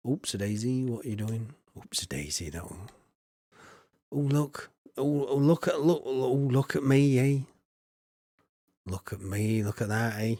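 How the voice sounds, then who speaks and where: A man's voice: mid-range voice, a little slow, warm tone, no room sound, clean studio sound. A man, casually commenting while streaming a farming game, chatty and jokey as he reads chat aloud.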